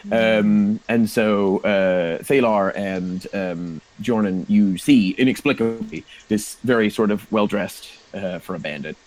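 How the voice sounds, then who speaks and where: A man narrating a tabletop role-playing game as game master, in a relaxed, meandering way with many fillers. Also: on the low side, slow, hardly any pauses, low-quality recording.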